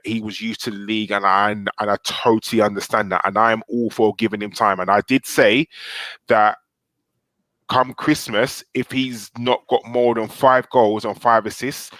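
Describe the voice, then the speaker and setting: A man joins a casual live podcast as a panelist, his voice on the low side and recorded quite dry. He is blunt and insistent and keeps repeating his points to drive them home. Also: fairly bright tone, no room sound.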